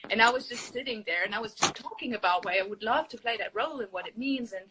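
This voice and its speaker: A woman's voice: fairly high pitch, fast talker, noisy background. A young woman chatting casually on a phone livestream, rambling with many fillers and laughs. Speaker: livestream host. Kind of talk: casual chat.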